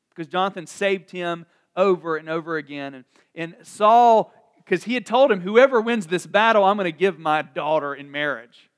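A man preaching in a casual, chatty way, retelling a Bible story and acting out the characters' lines in quick asides. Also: high-pitched, a bit bright.

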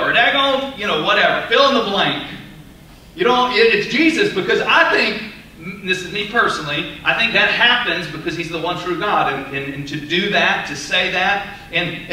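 A male pastor preaching an emphatic, animated sermon with casual asides. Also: sits high, far from the mic. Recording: echoey hall, voice off-mic, faint noise.

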